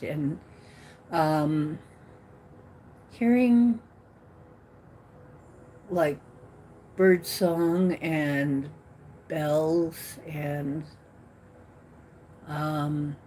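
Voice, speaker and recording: A woman hosting a casual live-stream chat, rambling and giggly with many fillers, swinging from loud exclamations to trailing murmurs. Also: sits low, slight background noise, poor audio. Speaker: host.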